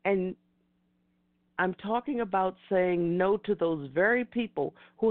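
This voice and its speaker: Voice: mid-range voice, unhurried, no room sound. A middle-aged host giving an earnest, emphatic motivational talk, repeating key phrases like a preacher. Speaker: host of an online talk show. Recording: dry tinny phone-like audio.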